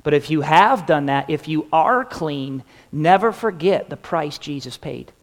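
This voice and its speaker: A man preaching a sermon as pastor, asking the congregation question after question and letting his voice fall soft at the ends of phrases. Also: on the high side, in a large hall. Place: church sanctuary.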